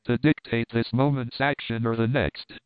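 A scheming doctor, solemn and persuasive, who lays out dark news slowly, voiced by a male reader. The tone is smooth and close with no room sound, squeezed into a thin, phone-like band. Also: medium pitch, steady tone, dry recording, natural voice. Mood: grave. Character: scheming grave male doctor, middle-aged.

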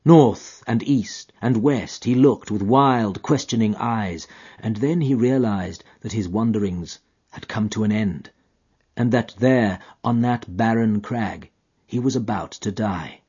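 Male audiobook narrator, dramatic and drawn-out, husky voice, dull lo-fi recording. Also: on the low side, a little mellow. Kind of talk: expressive literary narration.

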